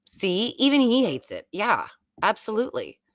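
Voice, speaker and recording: A woman's voice: medium pitch, huge pitch swings, moderate pace, no echo, clean studio sound. A woman, hosting a casual, rambling live-stream chat from home. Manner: chatty and rambling. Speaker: YouTube host.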